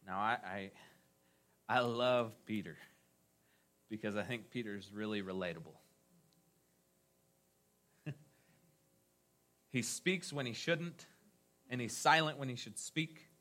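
A man preaching a sermon as a pastor, with emphatic rising phrases that trail off softly at the ends. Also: fairly low pitch, takes it slowly, pauses often.

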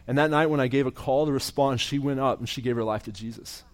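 A young man, a campus minister, preaching in an earnest testimony style, often repeating words as he restarts and letting sentence ends drop quiet. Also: mid-range voice, fast talker.

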